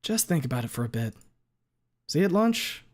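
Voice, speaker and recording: A man's voice: a little high, very animated, normal speed, pitched above the performer's own voice. A man voicing an easygoing teenage boy who talks casually and keeps calling his friend dude and man. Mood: earnest. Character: easygoing teenage boy, a laid-back bro.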